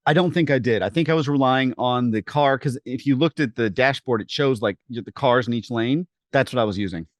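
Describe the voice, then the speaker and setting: A man's voice: medium pitch, fairly quick, no echo, clean studio sound. A man co-hosting a fitness podcast, telling stories in a casual chat and acting out the quotes with animation. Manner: animated storyteller, acts out quotes. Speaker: podcast co-host.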